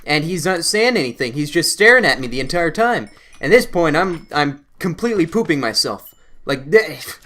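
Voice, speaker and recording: A man's voice: on the high side, a bit bright, a little hiss or hum. A young man from Canada, hosting a gaming channel, tells a rambling, self-mocking story while he plays, full of fillers and restarts. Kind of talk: casual storytelling while playing a game.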